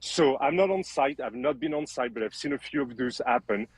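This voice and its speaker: A man's voice: mid-range voice, animated, brisk, slight background noise, low-quality recording. A man in his thirties from France with a French accent, a guest beekeeper telling stories and explaining things in a friendly way on a remote call from outdoors. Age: 30s. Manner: friendly storytelling, plain explanations. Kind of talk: interview answers. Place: outdoors beside a beehive.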